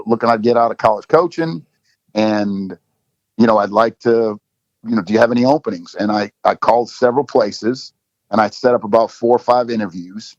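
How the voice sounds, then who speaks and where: A man's voice: mid-range voice, dry recording. A middle-aged man, a football coach, telling stories in a casual interview with lots of "you know" fillers. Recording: dull lo-fi dry recording.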